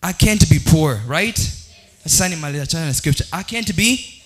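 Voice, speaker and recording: A man's voice: on the high side, animated, brisk. Kenyan male pastor preaching with fire. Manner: preaching with repeated shouted declarations, switching between English and Swahili. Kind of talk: sermon.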